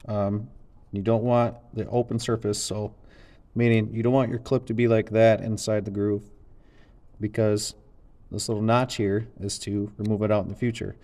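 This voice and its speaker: A man's voice: on the low side, darkish tone. A man explaining how he fitted a part, in a hesitant, plain-spoken way. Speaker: mechanic.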